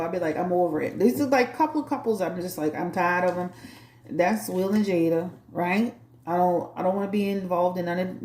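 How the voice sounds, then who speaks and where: A woman's voice: on the low side, mellow, echoey room, a little hiss or hum. A woman with a New Orleans accent, a tarot reader hosting her channel, chatting bluntly and sassily to a live chat. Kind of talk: casual talk to a live chat.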